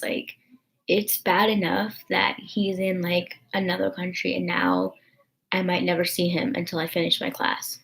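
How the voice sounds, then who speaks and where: A woman's voice: lowish voice, measured pace, gravelly, a bit bright. A young woman vlogging in a rambling, emotional, confessional way, full of fillers. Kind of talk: casual confessional vlog chat.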